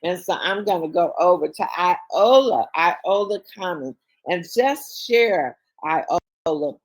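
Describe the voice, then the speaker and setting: A woman with a fairly low voice leads an online company meeting. She talks in an upbeat, encouraging way and calls on her team members by name. She is speaking into a video-call mic. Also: expressive, slow pace.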